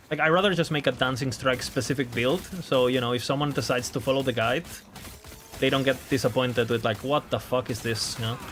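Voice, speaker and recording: A man's voice: medium pitch, a bit bright. A man with a mid-range voice chats casually while streaming a game. He thinks aloud, hedges and repeats his words as he weighs his options. A faint noise hums behind him.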